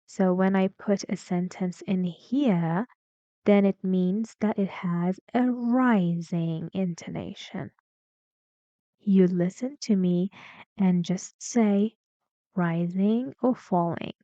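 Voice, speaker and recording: A woman whose first language is Persian teaches English pronunciation slowly and deliberately, acting out example sentences with exaggerated rises and falls in pitch. Her voice is mellow, and the recording is dry and muffled.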